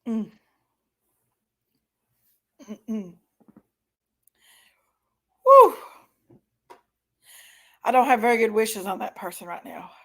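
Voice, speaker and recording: Speaking a little slowly in a gravelly, medium-pitched voice with long pauses, this live-stream host reacts to videos for her chat. Her commentary is indignant and exasperated, broken up by repeated apologies to viewers.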